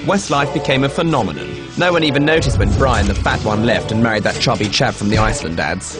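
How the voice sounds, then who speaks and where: A man's voice: medium pitch, fast talker, over music. A man narrating a comic mock-documentary in a smug, boastful manner.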